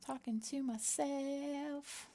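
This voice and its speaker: Middle-aged woman at home, slightly high voice, rambling casual chat to herself while she works. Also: fairly even intonation, very slow, dark tone, slight background noise. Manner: rambling and self-talking, with many fillers. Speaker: content creator. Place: at home, with her cat nearby.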